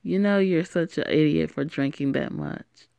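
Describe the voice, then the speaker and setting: A woman's voice: deep voice, moderate pace, gravelly, dark tone, clean tone, no echo. A woman voicing a blunt, protective teenage boy in a homemade voiced story who scolds in short, curt lines. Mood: scolding.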